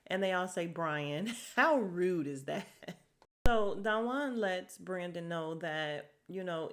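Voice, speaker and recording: Woman host, casual show recap, sassy and gossipy, lowish voice. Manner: sassy, chatty, laughs often. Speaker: podcast host.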